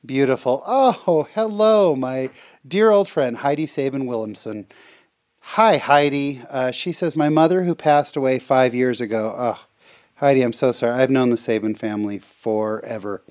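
A man's voice: medium pitch, moderate pace. A man co-hosting a podcast, chatting casually and reading out listener comments with effusive, heartfelt reactions. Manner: warm, effusive, reads comments aloud. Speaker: podcast co-host.

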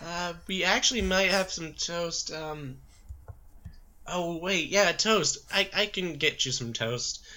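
A man's voice: high-pitched, slow pace, pushed and bright, voice pushed up, full character voice. A man voicing a shy, hesitant eight-year-old boy who stammers over his words. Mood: nervous.

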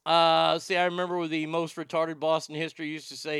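Gravelly, bright-voiced male ex-radio host. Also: fairly high pitch, a little fast, no echo, clean studio sound. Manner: animated, swearing freely, laughing. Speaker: former radio host reading viewer comments. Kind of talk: casual storytelling livestream.

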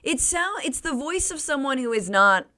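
A woman's voice: high-pitched, sing-song, normal speed, pushed and bright. A woman in casual political chat, talking bluntly and sarcastically and swearing freely. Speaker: podcast guest.

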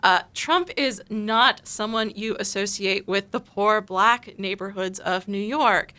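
A woman on an academic panel, talking through her essay in a measured, analytical way. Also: medium pitch, sharp tone.

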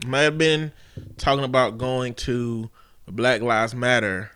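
A man's voice: mid-range voice, steady tone, measured pace, fairly bright tone, clean tone. A man co-hosting a casual chat, playful and teasing, drawing jokey comparisons. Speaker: podcast co-host.

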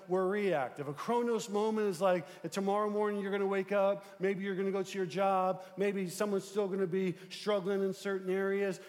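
This male pastor's voice is high-pitched and a little mellow as he delivers a conversational sermon, dropping in fillers and frequently checking in with the congregation. The recording carries long hall reverb.

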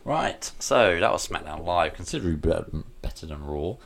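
A man co-hosting a podcast, giving blunt, animated opinions in casual chat. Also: sits low, normal speed, vocal fry, a little hiss or hum. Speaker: podcast co-host.

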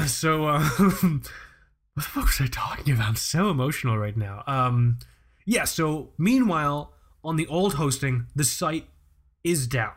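A man's voice: a little high, animated, unhurried, gravelly, fairly bright tone. A man co-hosting a podcast, ranting in a profane, exasperated way and laughing often. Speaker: podcast co-host. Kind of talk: casual podcast chat.

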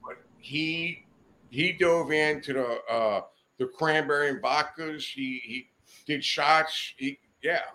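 A man's voice: a little high, slow, bright, forceful tone, a little hiss or hum. A man telling a long, rambling anecdote as a guest in a podcast studio, swearing freely and breaking into laughter as he goes. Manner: swears often, rambling, laughs mid-story. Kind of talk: profane anecdotal storytelling.

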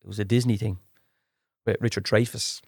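Dublin guy, middle-aged, lowish voice, rambling stories, dry close mic. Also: a little fast, breathy edge, no room sound. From Ireland. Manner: animated anecdotes, restarts and repeats words. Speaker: guest actor. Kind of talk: casual storytelling in a podcast interview.

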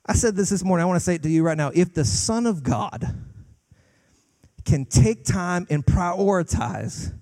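Guest pastor, young man, high-pitched, emphatic sermon delivery, trips over his openings, close dry sound. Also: expressive, warm tone, dry recording. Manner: emphatic, swings from fast bursts to slow drawn-out lines; repeats words when starting sentences.

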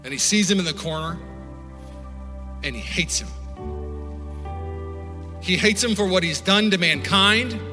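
A male pastor preaching a passionate sermon that builds to snarls and shouts. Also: high voice, unhurried, long pauses. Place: church sanctuary. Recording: church hall reverb with faint music.

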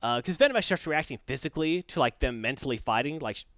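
Animated man recapping a story. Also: medium pitch, very fast, dry recording, highs cut off. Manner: animated storytelling, acting out characters. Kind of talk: casual comic book chat.

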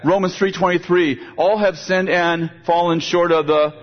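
A man's voice: high voice, steady tone, moderate pace. An older man preaching a sermon in a conversational way, often repeating words as he builds a point. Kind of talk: sermon with storytelling. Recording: dull, lo-fi sound.

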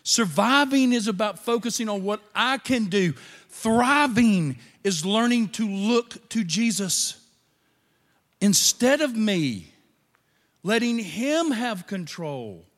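A man preaching a sermon as pastor, animated, with quiet asides. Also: high voice, takes it slowly. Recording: long reverb of a large hall.

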